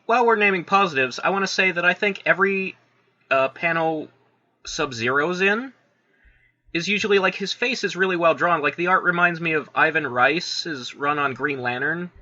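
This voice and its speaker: A man's voice: fairly high pitch, moderate pace, sharp tone, dull audio. A man co-hosting a casual comic review, laid-back and full of fillers like "like" and "you know.". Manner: laid-back, lots of "like" fillers, laughs often. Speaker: podcast co-host.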